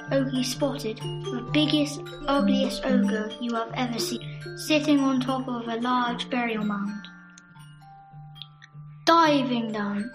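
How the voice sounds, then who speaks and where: A woman narrating a storybook myth in a dramatic, expressive way. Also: fairly high pitch. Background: loud music.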